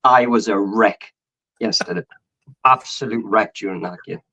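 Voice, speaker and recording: A hoarse, hung-over man rambling as a guest on a casual video call show. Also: on the low side, moderate pace, pushed and bright, poor audio. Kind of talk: casual chat.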